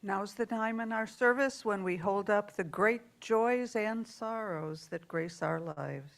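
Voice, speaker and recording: A woman leading a church worship service, speaking gently and reading out joys and sorrows from the congregation. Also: medium pitch, measured pace, vocal fry.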